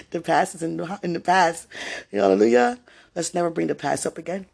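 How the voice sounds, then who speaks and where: A man with a high, gravelly voice delivers a long, heartfelt monologue to someone he loves. He rambles tenderly, with frequent religious thanks. The tone is husky and often sinks to a quiet murmur. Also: steady tone, brisk. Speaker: partner speaking to a loved one.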